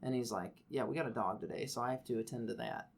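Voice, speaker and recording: A man's voice: mid-range voice, fast talker, gravelly. A man co-hosting a casual chat, telling anecdotes in a laid-back way with dry humor. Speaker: podcast co-host.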